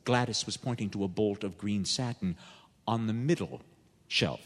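A man telling a humorous tale in a deadpan storytelling manner. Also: lowish voice, moderate pace, in a large hall.

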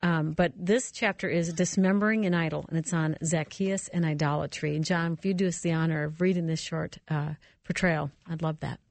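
A woman radio host talks upbeat and persuasive as she promotes a campaign to her listeners. Her voice sits a little low. It is a dry, close studio recording. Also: fairly even intonation, a little fast, few pauses, darkish tone, dry recording.

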